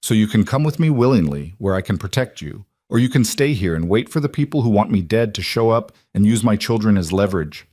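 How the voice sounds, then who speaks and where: A man's voice: fairly low pitch, lively intonation, a little fast, hardly any pauses, warm tone, no room sound, clean studio sound. A man voicing a hard, protective mafia boss who speaks firmly. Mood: commanding. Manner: firm and commanding. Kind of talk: audiobook character voice.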